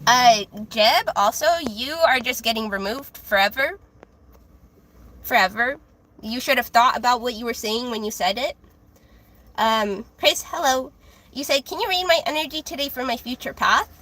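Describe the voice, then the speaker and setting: High bright babyish voice, woman doing a tarot live stream, lots of um and uh. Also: moderate pace, rough recording. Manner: high, childlike voice with frequent fillers and restarts. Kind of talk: casual live-stream chat.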